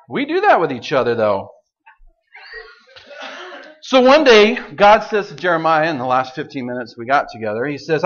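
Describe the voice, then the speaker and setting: A man's voice: medium pitch, very animated, normal speed, muffled recording. A male pastor preaching a sermon in a casual, joking storytelling manner.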